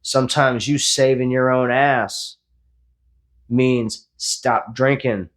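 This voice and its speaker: A man's voice: medium pitch, steady tone, slow. Blunt, cussing man in his forties. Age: 40s. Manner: blunt, profane, pep-talk delivery. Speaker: fitness vlogger. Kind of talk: post-workout motivational talk.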